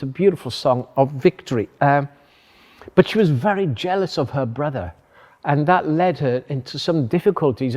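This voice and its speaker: A man giving an earnest, measured sermon as a pastor, with thoughtful pauses. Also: on the high side, a little mellow. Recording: echoey hall.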